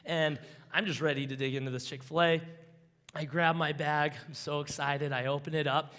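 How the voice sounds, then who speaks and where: A man giving an energetic conference talk, telling an enthusiastic, rambling story that keeps drifting off on side tracks. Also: fairly high pitch, normal speed. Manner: rambling, easily sidetracked, enthusiastic. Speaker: conference speaker.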